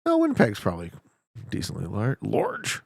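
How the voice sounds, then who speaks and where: A man's voice: mid-range voice, normal speed, vocal fry, no room sound, clean studio sound. A man from Canada streaming a game live, chatting casually and profanely with his viewers and getting worked up over his guesses. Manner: profane, excitable, joking banter with chat. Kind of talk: casual live-stream commentary while playing.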